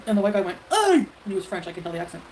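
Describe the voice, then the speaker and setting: A woman's voice: fairly low pitch, fairly even intonation, racing, dark tone, rough recording. A woman talking casually on a livestream, rambling and defensive, with lots of fillers. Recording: livestream audio with background noise.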